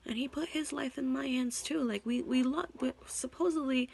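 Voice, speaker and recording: A young woman talking straight to her camera in an emotional confessional vlog, tearful and halting, repeating herself and sighing. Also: sits high, fairly even intonation, creaky, a little mellow. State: tearful, on the verge of crying. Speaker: vlogger. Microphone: camera mic.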